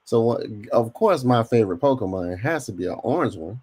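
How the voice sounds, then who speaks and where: Guy hosting a casual stream, husky slangy voice, chats to viewers. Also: medium pitch, fairly quick. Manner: slangy, animated, addresses chat directly. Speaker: podcast host. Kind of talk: casual livestream chat.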